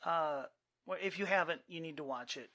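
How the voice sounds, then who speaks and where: A man's voice: fairly high pitch, normal speed, bright, forceful tone. A man co-hosting a podcast, chatting casually and jokingly with his spouse in a wry, rambling way. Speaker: podcast co-host.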